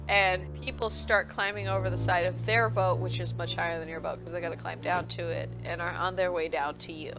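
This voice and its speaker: A woman's voice: fairly low pitch, a bit bright. A woman running a tabletop game as game master, narrating in a laid-back, teasing way and laughing often.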